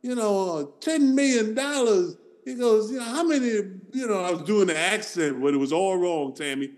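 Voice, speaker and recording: Animated, high-voiced man telling stories. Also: moderate pace. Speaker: podcast co-host. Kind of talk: casual storytelling chat.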